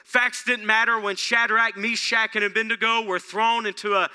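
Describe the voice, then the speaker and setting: Bright, high-voiced preaching man. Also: moderate pace, clean tone. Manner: rhetorical questions to the congregation, rising excitement. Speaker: pastor. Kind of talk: sermon.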